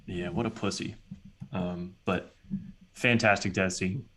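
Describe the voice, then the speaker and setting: A man chatting casually on a podcast, animated and profane, with frequent uh and um. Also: low voice, unhurried, faint music behind. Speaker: podcast co-host. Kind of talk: casual chat.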